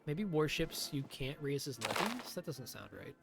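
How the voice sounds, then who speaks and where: A man's voice: fairly high pitch, big pitch swings, normal speed, vocal fry, loud music behind the voice. Sarcastic man streaming a strategy game. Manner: sarcastic, talking to himself, swearing. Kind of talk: live gameplay commentary.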